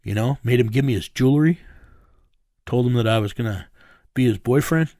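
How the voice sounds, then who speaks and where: A man's voice: medium pitch, moderate pace, warm tone, dry recording, studio quality. A man in an interview, bluntly recounting a tense story in a matter-of-fact way. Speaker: interview subject recounting events.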